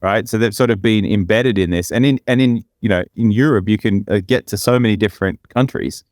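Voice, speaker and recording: A man's voice: on the low side, fairly quick, a little mellow, no room sound, studio quality. A man with an Australian accent, chatting casually as a podcast co-host in a laid-back, musing way.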